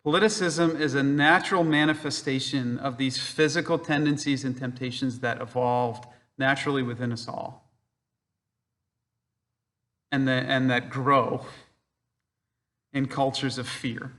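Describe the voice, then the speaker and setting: A man giving a measured, earnest spiritual reflection, pausing for emphasis. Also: mid-range voice, fairly even intonation, a bit bright, big-room sound. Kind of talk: spoken reflection.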